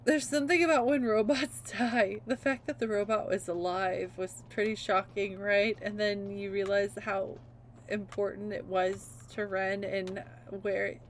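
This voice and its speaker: A woman's voice: medium pitch, steady tone, measured pace, a little hiss or hum. A young woman streaming a game, chatting casually and emotionally with lots of fillers. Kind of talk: casual chat.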